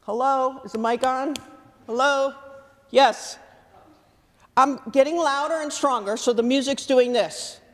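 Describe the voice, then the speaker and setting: A woman clinician coaching a student wind band in rehearsal, lively and full of questions to the players. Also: high-pitched, measured pace, long pauses. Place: large theatre stage. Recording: long hall reverb.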